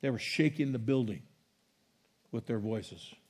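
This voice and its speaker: Medium in pitch and a little slow, a middle-aged pastor delivers a sermon in animated fashion. His voice rises loud as he quotes scripture, and he talks with the congregation between the readings.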